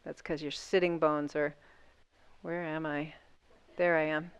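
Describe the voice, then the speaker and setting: A woman's voice: low voice, level tone, measured pace, clean tone, dry recording. A woman instructor guiding a seated yoga class, talking through each movement step by step in an encouraging way.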